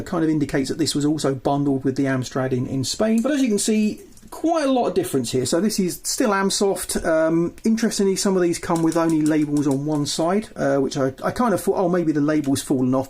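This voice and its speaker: Uomo britannico, voce piuttosto acuta, chiacchierone, mostra la sua collezione di giochi retro. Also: male voice, fairly high pitch, darkish tone. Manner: chatty, rambling, filler-heavy. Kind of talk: show-and-tell of collection.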